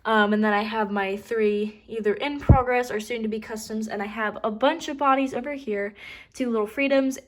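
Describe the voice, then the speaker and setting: A woman's voice: fairly high pitch, fairly even intonation, moderate pace. Chatty young woman touring her collection. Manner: chatty and upbeat, trails off softly on asides; occasional stutters and restarts. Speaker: model horse collector. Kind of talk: casual collection tour vlog.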